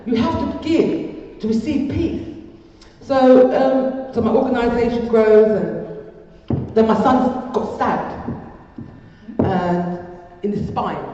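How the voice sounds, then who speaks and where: A woman's voice: a little high, warm tone. An older woman giving a heartfelt, rambling personal testimony at a community event, often repeating her phrases. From England. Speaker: speaker at a community peace event. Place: large hall. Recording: echoey hall from far off, muffled.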